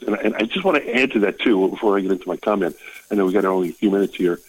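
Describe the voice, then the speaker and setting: Older guy caller, very deep husky voice, earnest and choked up, dry close sound. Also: no echo, poor audio. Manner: earnest, emotional, halting restarts. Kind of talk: call-in testimony.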